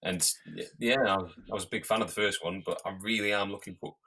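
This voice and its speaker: A low-pitched man chatting loosely on a podcast, laughing easily as he talks. His voice is deep with a bright, forceful edge. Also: steady tone, fast talker, slightly rough. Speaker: podcast co-host. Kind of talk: casual chat.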